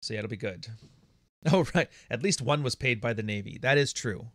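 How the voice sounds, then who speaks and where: A man's voice: mid-range voice, fairly quick, dry recording. A man hosting a casual monologue from his home studio, blunt and profane, often laughing. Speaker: podcast host.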